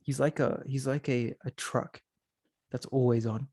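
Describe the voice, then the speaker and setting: A man's voice: medium pitch, fairly even intonation, unhurried, warm tone, no echo, clean studio sound. A young man co-hosting a casual wrestling podcast with a friend, chatty and playful, cracking jokes. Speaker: podcast co-host. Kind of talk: casual chat.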